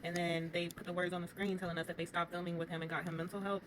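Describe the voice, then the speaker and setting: Woman, fast and animated recap commentator, lowish voice, with audible background noise. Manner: animated, opinionated, talks straight to the viewers. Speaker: reality TV commentator.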